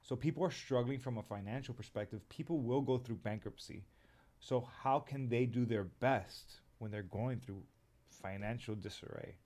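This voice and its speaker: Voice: medium pitch, normal speed, darkish tone. Podcast host; casual interviewer, short questions and supportive interjections.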